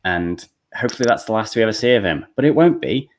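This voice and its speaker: Man, podcast co-host, very low voice, rambling, restarts often. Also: expressive, fast talker. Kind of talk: casual podcast chat.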